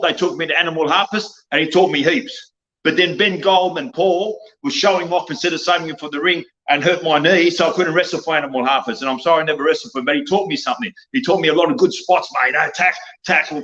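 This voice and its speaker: A high, bright-voiced middle-aged man with an Australian accent rants loudly and drunkenly, throwing mate and bro into every line. He sounds like a rowdy podcast guest on dull, lo-fi audio. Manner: loud, excitable, rambling, says mate and bro constantly. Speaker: guest wrestler. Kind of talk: rambling podcast rant.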